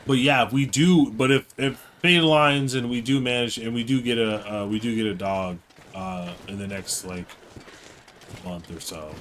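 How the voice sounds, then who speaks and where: A man's voice: mid-range voice, fairly even intonation, normal speed, a bit bright, a little hiss or hum. A man co-hosting a live game stream, chatting casually in a rambling, playful way. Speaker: streamer co-host. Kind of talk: casual live-stream chat while gaming.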